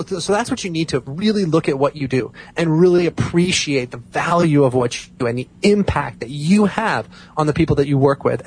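A man's voice: fairly high pitch, husky, low-quality recording. A man speaking as a podcast guest, emphatic and repeating points for stress. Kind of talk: casual chat.

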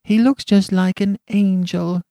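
A male narrator puts on a chorus of wondering charity children. Their voices lift high above his own with eager awe. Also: fairly even intonation, measured pace, creaky, warm tone, no echo, studio quality. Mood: awed.

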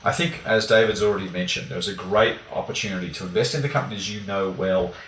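An Australian man speaks quickly as a guest, scattering fillers through a brisk explanation. His voice sits low. The sound is roomy and a bit distant from the mic, with faint noise underneath. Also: a bit bright. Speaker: guest analyst. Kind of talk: conversational explanation.

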